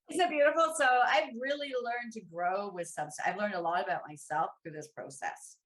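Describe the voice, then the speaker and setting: A woman guest on a podcast, chatting in a lively, rambling way with restarts and side remarks. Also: mid-range voice. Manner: animated, rambling, with restarts and asides. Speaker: podcast guest, professional dominatrix. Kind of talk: casual chat. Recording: roomy echo.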